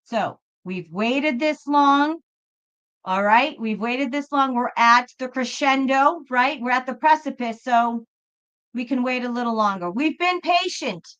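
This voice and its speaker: Bright-voiced woman tarot streamer. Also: sits high, unhurried, smooth, muffled recording. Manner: chatty, reassuring, addresses viewers as folks. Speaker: tarot reader and livestream host. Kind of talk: casual livestream commentary.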